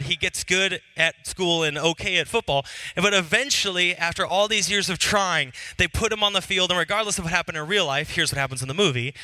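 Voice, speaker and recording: Casting: earnest married man, casual talk, very bright tone, dry close sound. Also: sits high, dry recording. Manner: animated and earnest, many fillers and restarts. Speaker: Christian speaker.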